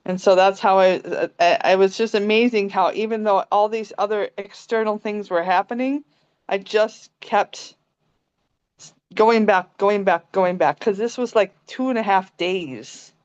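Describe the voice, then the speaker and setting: A young woman calmly sharing a personal story on a video call, soft-spoken and quick to laugh. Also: medium pitch, smooth, dry recording. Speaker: meditation group participant. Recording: dry, dull lo-fi call audio.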